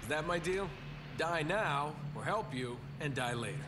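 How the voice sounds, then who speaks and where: A young adventurer in a video game answers threats with dry sarcasm, as an actor plays him. His voice sits a bit high and moves lively. Loud game noise fills the background. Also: moderate pace, natural voice. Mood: sarcastic. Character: wry young male treasure hunter, sarcastic.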